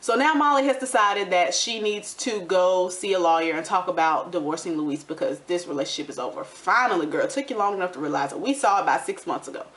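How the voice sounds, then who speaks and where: A young woman giving a sassy, gossipy recap of a reality show, with playful quoted asides. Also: on the low side. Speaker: recap vlogger. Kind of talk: casual TV recap commentary.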